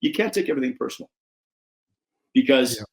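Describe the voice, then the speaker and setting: Ex-ref guy on a podcast, tells stories with lots of energy, normal pitch. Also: brisk, creaky. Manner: animated storyteller, acts out quotes with raised pitch. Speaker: former referee, rules analyst guest. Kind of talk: casual interview storytelling.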